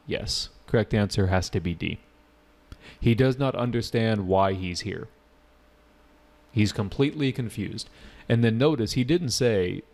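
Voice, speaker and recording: Low gravelly guy teaching test prep, casual and jokey, reads out chat questions. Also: darkish tone. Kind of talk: live online class.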